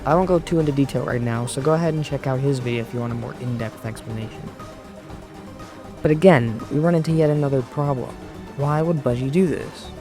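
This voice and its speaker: A man giving a measured, explanatory scripted narration for an online video essay, recorded close to a mic. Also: medium pitch. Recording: voice-over with faint background music.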